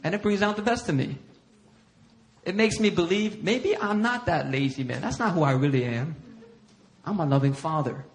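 A middle-aged male pastor preaching a sermon. He tells stories against himself in an animated way and acts out what other people said. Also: fairly high pitch, moderate pace. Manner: animated self-deprecating storytelling, acting out others' lines. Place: church sanctuary.

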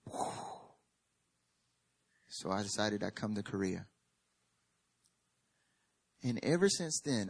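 A man preaching a sermon as a pastor. He tells a personal story with humor and emphatic repetition, and sometimes drops to a quiet, earnest tone. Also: on the low side.

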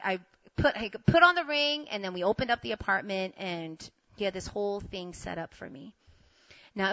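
A young woman telling a personal story to her audience, animated, laughing and acting out both sides of the conversation. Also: medium pitch, no room sound. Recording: dull lo-fi sound.

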